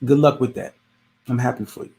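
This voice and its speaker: Gravelly man giving casual advice. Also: mid-range voice, fairly even intonation, brisk, a little mellow. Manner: conversational, repetitive, preachy with rhetorical questions. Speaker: podcast host. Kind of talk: casual motivational monologue.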